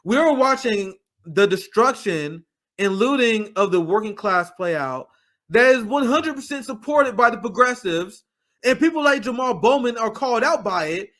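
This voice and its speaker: A man's voice: very high-pitched, expressive, normal speed, a bit bright. A man hosting a casual political commentary show, talking in a heated, blunt way and swearing freely. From United States.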